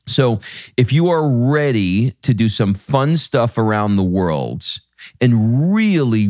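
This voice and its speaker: A man's voice: lowish voice, a little mellow, no room sound, studio quality. A man hosting a podcast, chatting casually with his wife in a brash, joking, salesy way. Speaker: podcast host.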